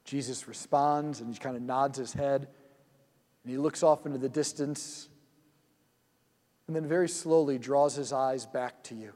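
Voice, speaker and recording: A man leading a guided prayer meditation in a church hall, speaking gently and soothingly and often dropping to a hush. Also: mid-range voice, fairly even intonation, measured pace, pauses often.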